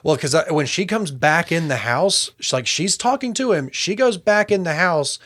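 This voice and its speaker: A man's voice: a little high, normal speed. A man co-hosting a true crime podcast, talking animatedly, swearing often and acting out what people said. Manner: animated, swears a lot, acts out quotes. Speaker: podcast co-host. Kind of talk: casual true crime chat.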